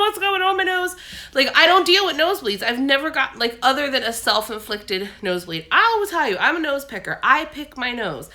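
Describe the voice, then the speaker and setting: A woman's voice: medium pitch, pushed and bright. A woman vlogging casually at home, sick with a cold and her voice coming and going, telling a long rambling story full of fillers. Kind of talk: casual chat.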